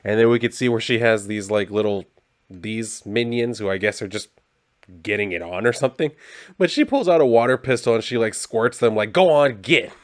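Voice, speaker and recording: A man's voice: on the low side, a little fast. A man casually reviewing comic books, swearing often as he talks.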